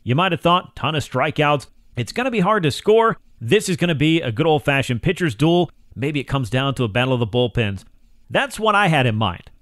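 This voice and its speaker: A man hosting a sports radio talk show, delivering an energetic, polished broadcaster read. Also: a little high, no echo, studio quality. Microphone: studio microphone.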